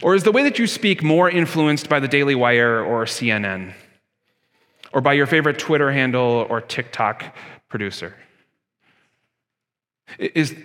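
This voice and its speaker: A man's voice: mid-range voice, a bit bright, long reverb tail. A man preaching a sermon as pastor, earnest and emphatic, driving his points home with rhetorical questions.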